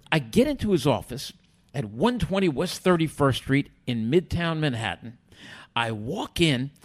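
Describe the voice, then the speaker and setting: An older man, a guest telling animated stories from his past and acting out other people's lines. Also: mid-range voice. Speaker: interview guest. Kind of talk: storytelling in a podcast interview.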